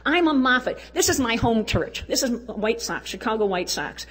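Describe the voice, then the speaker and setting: A woman's voice: a little high, sing-song, moderate pace, a bit bright, husky. An older woman giving a folksy, exuberant testimony talk at a church women's event, urging and cheering her listeners on. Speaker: women's conference speaker.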